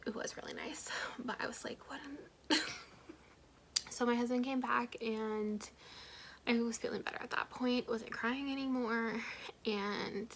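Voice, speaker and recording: A young woman, a mom vlogger, telling her own story to camera in a soft, half-whispered, candid way, with many ums and likes. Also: on the high side, creaky, slight background noise, rough recording.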